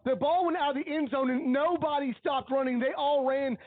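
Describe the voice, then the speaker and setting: A man giving coach-like color commentary on a high school football game, earnest and openly emotional as he breaks down each play. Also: steady tone, fairly quick, no echo, phone-quality sound. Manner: analytical, coach-like breakdowns of plays.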